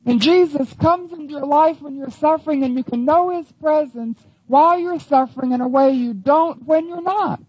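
A woman's voice: high voice, normal speed, few pauses, a little mellow, no room sound, muffled recording. A woman teaching the Bible in an earnest, emphatic sermon.

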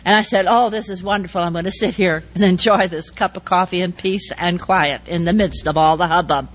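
An older woman giving a speech, telling a personal story and acting out the dialogue in a measured way. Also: fairly low pitch, steady tone, low-quality recording. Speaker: speaker.

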